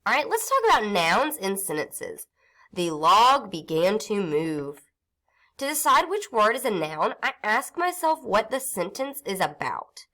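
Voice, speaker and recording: A woman teaching a phonics lesson to young children, sounding out syllables slowly and clearly. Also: mid-range voice, sing-song, pushed and bright. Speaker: reading teacher.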